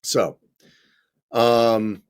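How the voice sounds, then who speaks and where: A man at a middle pitch talks through viewer questions on a live stream. His delivery is loose and conversational, with frequent ums and quick corrections of himself as he goes. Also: steady tone, darkish tone, smooth. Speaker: college basketball correspondent.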